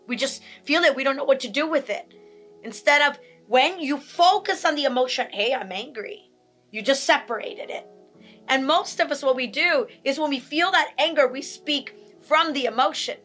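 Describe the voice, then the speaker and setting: A woman's voice: high-pitched, moderate pace, pushed and bright, faint music behind. A woman giving a teaching talk on handling emotions, repeating key points and acting out angry and sad examples. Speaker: speaker on emotional health.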